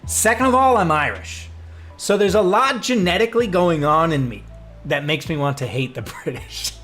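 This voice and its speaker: American guy streaming, fairly high voice, swears a lot, rants loud over faint music. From United States. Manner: profane, ranting, gets loud and drawn-out when worked up. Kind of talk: casual live-stream chat.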